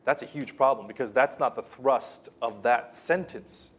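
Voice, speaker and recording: A man preaching a sermon with passion, repeating phrases for emphasis and moving between soft, quiet lines and loud, rising ones. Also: mid-range voice, moderate pace, husky. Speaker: pastor.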